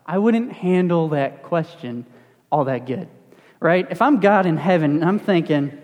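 A man's voice: on the high side, unhurried. Young male pastor preaching in a reverberant hall. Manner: conversational and animated, with self-deprecating humor. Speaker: student pastor. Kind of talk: casual sermon with stories. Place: church sanctuary.

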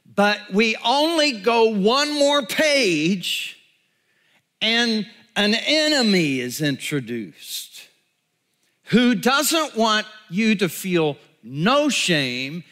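Male pastor, sermon delivery, bright tone, slow deliberate pace, animated storytelling. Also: sits high. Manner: storytelling, animated, drops to hushed tones.

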